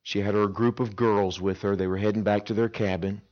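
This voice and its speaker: Low-voiced male preacher, dull lo-fi sound. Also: flat delivery, brisk. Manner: dramatic, shifts between loud emphasis and hushed quoted pleas. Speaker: camp preacher. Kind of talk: sermon with storytelling.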